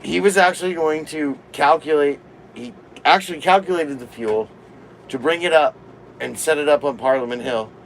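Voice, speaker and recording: A man's voice: on the high side, normal speed, gravelly, a little hiss or hum, low-quality recording. A man chatting bluntly in a motorhome, matter-of-fact and swearing. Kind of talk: casual chat. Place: inside a motorhome.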